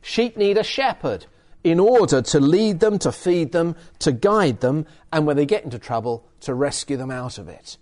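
A man's voice: a little high, expressive, normal speed, darkish tone. A man preaching a sermon and reading from the Bible, emphatic with hesitant fillers.

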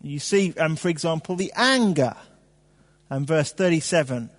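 A man preaching a sermon in a conversational, animated way, with fillers and rhetorical questions. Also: fairly high pitch, normal speed, in a large hall.

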